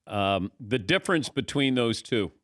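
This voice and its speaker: A man's voice: medium pitch, expressive, a little slow, fairly bright tone. A man hosting a radio show, asking a guest short questions and laughing often. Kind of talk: interviewing a guest.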